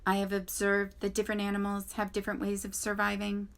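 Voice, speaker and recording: Woman reading as a polite, literal robot, even and plain, storybook reading. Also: mid-range voice, fast talker, close to an everyday voice. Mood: calm. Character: calm polite female robot.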